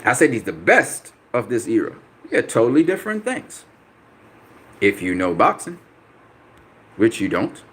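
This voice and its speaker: A man's voice: medium pitch, big pitch swings, measured pace, pauses often, a bit bright, slightly rough. A man hosting a boxing channel, answering viewer comments on a live stream in a combative, profane way, repeating himself for emphasis.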